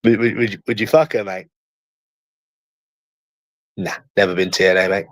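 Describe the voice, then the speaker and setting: A man's voice: on the low side, steady tone, moderate pace, no room sound. A man with a London accent in casual chat, teasing and slangy, repeating himself often. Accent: London English.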